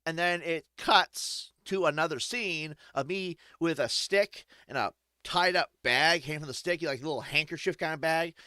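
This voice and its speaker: A man's voice: on the high side, normal speed, few pauses, sharp tone, clean tone, no echo, studio quality. A man giving rambling, joking, profane let's-play commentary while playing a game. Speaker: gaming streamer.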